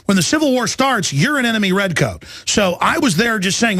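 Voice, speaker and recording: A man's voice: high-pitched, very animated, moderate pace, pushed and bright, no room sound, clean studio sound. A man hosting a talk show, ranting emphatically and repeating words as he builds his point. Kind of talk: heated talk radio chat.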